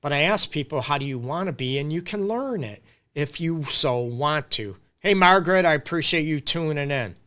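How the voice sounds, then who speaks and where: A man's voice: a little high, expressive, moderate pace, sharp tone. A middle-aged man, hosting a casual live-stream Q&A as a relationship counselor and talking straight to his viewers. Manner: casual, emphatic, addresses viewers directly. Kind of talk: live-stream advice talk.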